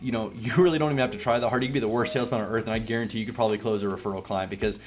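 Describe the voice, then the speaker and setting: A man with a Southern US accent explains sales tactics in a relaxed, rambling, drawling way. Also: lowish voice, racing, soft background music. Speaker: online business coach. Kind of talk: casual sales tutorial.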